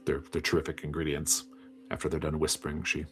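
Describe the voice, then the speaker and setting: A man narrating as game master in a measured, descriptive storytelling manner. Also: extremely low pitch, monotone, soft background music.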